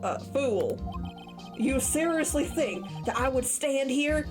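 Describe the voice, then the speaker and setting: A menacing old prosecutor sneers in a haughty, contemptuous voice, as a woman puts him on. Game music plays clearly behind him. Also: high-pitched, expressive, takes it slowly.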